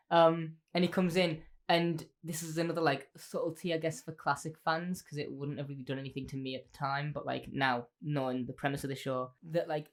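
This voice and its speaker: Very low-voiced woman, swearing freely. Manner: enthusiastic, swears freely, quick asides. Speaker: podcast co-host. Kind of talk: casual chat.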